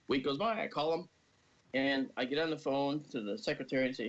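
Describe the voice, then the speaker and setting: Gravelly man telling a story. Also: mid-range voice, fairly quick. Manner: animated storyteller, acts out quoted voices. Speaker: guest. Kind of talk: casual storytelling on a live stream. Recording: dull lo-fi stream audio.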